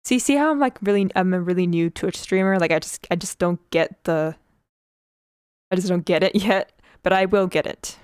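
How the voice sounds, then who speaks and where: A woman's voice: fairly low pitch, normal speed, a little mellow, clean tone, no echo, studio quality. Chatty young woman streaming while drawing. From Canada. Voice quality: slight speech impediment. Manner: chatty, rambling, frequent fillers and laughs. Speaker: Twitch streamer. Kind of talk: casual livestream chat while drawing.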